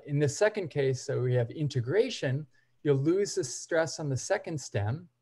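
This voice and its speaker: A man's voice: medium pitch, dark tone. Methodical man giving an academic lecture. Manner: methodical, explains step by step while walking through examples; occasional hesitation fillers. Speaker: seminar presenter.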